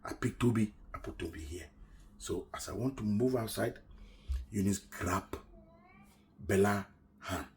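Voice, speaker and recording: A middle-aged man with a Nigerian English accent tells a personal story, swinging from loud quoted lines down to near-whispers. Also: lowish voice, measured pace, pauses often, a little hiss or hum. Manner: animated retelling, shouts quoted lines then drops to a near-whisper.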